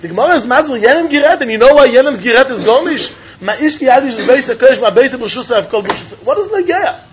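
A man teaching a Talmud lesson in an animated, sing-song way, often laughing. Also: very high voice, very fast, slight background noise. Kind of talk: Talmud study lecture. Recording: dull lo-fi recording.

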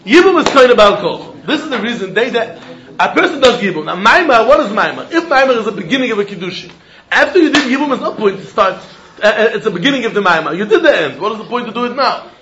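Animated high-voiced man teaching Talmud. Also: fast. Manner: animated, questioning, mixing English and Yiddish. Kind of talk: yeshiva-style Talmud lesson. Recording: dull echoey room with faint noise.

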